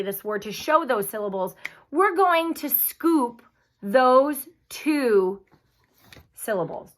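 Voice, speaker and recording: Woman teacher, bright, higher voice, slow, clear and encouraging for young pupils. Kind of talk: online phonics lesson.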